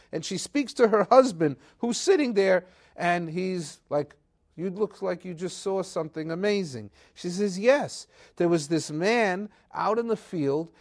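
A man with a slightly raised pitch retells a scripture story for the Sabbath. He tells it casually and with energy, slipping into the voices of the people he quotes. Hebrew words flow naturally into his English. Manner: lively retelling, acting out characters' quotes. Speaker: Torah teacher. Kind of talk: weekly Torah portion storytelling.

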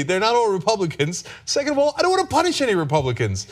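A man hosting a political talk show, speaking emphatically and growing animated as he makes his points. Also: high voice, rapid-fire, hardly any pauses. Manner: emphatic, animated, rising to near-shouting emphasis. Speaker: political commentary host.

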